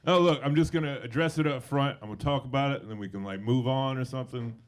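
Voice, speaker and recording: A man's voice: mid-range voice, fast talker. A young man from Alabama with a Southern accent doing a stand-up set on a club stage, talking in a loose, self-deprecating way with dry asides. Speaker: stand-up comedian.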